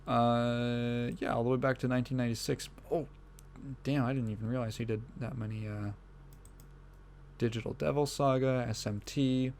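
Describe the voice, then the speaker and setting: Medium-pitched and a little mellow, this solo gaming podcast host speaks at a normal speed with fairly even intonation, over slight background noise. He rambles casually, swears freely, and often breaks into laughter mid-sentence.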